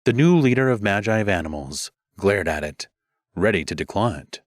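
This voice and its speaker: A man's voice: lowish voice, lively intonation, normal speed, dry recording, clean studio sound. A man narrating a fantasy audiobook with a wry, sardonic delivery. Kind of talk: scripted narration.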